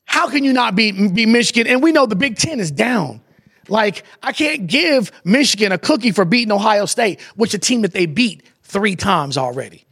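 Man, sports co-host, high-pitched, animated slangy banter. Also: moderate pace, breathy edge. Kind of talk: casual sports panel chat.

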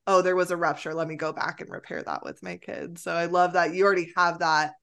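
A woman's voice: fairly low pitch, flat delivery, quick pace, vocal fry, fairly bright tone. A woman hosting a podcast as a parenting coach, upbeat and coaching in tone, often acting out inner thoughts. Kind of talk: casual podcast conversation.

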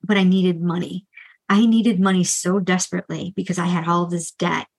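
A woman's voice: fairly low pitch, level tone, gravelly, darkish tone, breathy edge, low-quality recording. Earnest middle-aged woman confessing money woes. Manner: confessional and earnest, retelling her own debt story; restarts often and adds quick asides like "right?". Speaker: financial coach. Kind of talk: candid solo podcast monologue.

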